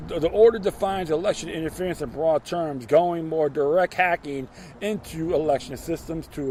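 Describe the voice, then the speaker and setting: A man's voice: fairly high pitch, a little mellow, slight background noise. A man reading political news aloud and breaking off into sarcastic, mocking commentary, often tripping over his words.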